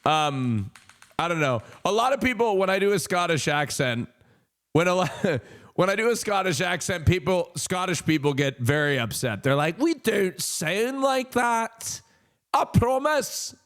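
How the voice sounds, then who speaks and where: A man's voice: on the high side, lively intonation, normal speed, fairly bright tone. A man chatting casually to his livestream audience, joking and rambling with lots of fillers. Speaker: streamer. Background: faint music.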